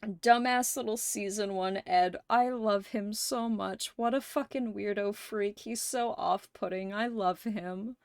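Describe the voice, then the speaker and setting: A woman hosting a livestream, chatting casually with viewers, laughing often and swearing freely in animated reactions. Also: medium pitch, unhurried, no room sound, clean studio sound. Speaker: livestream host.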